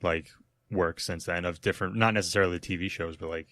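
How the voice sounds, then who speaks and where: Low-voiced man cracking deadpan quips. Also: fast talker, dry recording, studio quality. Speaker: comedian guest. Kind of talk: casual comedy podcast chat.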